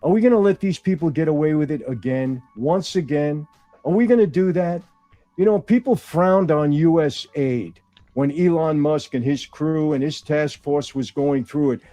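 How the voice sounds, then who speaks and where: A man's voice: on the high side, normal speed, warm tone, soft background music. A male political commentator speaking insistently and repeating rhetorical questions. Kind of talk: opinion commentary.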